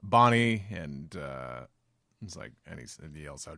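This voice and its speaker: A man co-hosting a podcast, recapping a manga chapter in casual chat, halting with many filler words. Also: very deep voice, big pitch swings, creaky, pushed and bright, dry recording, clean studio sound. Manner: halting, full of "uh" fillers, acts out quoted lines.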